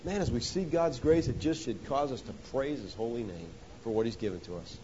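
A man preaching a sermon, rising to loud emphatic points and dropping to hushed lows, often calling listeners "folks.". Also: brisk. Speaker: pastor. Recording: dull lo-fi sound with faint hiss.

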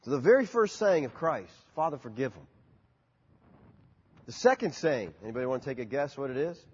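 Recorded in a hall with heavy reverb and a muffled sound, a man preaches as pastor, his voice swinging sharply up and down as he questions the congregation. He speaks fairly quickly in a slightly rough voice.

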